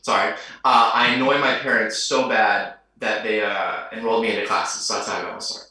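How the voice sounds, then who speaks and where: Young man, bright voice, upbeat, chatty, far from mic, very roomy. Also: lowish voice, fairly even intonation, a little fast. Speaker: actor guest. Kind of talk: casual chat. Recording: very echoey, distant mic.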